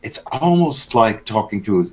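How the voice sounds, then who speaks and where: A man's voice: fairly low pitch, expressive, a little slow. A man co-hosting a church news show, giving blunt, sardonic commentary in casual banter.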